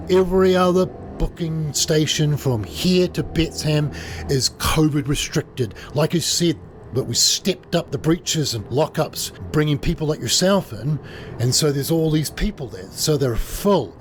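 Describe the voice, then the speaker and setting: A man voicing a calm, apologetic male police officer who speaks in a measured, official way in a true crime story. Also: fairly high pitch, slight background noise, close to an everyday voice.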